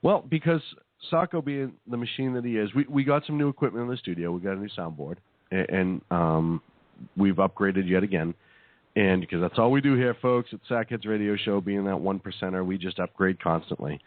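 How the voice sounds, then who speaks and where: A man's voice: lowish voice, fairly quick, no echo. A man co-hosting a talk radio show, chatting casually, joking and laughing often between hesitant restarts. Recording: tinny phone-like sound, dry.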